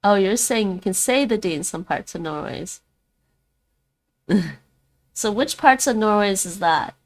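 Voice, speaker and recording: Slow-talking chatty woman, Dutch native. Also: medium pitch, expressive. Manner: chatty, thinks aloud, repeats words to practice. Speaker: streamer learning languages. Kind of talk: casual livestream language practice.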